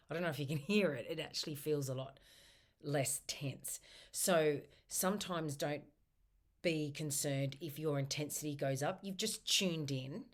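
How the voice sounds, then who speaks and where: A woman practitioner giving gentle self-help instruction, guiding a tapping round and slowly repeating its phrases. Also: deep voice.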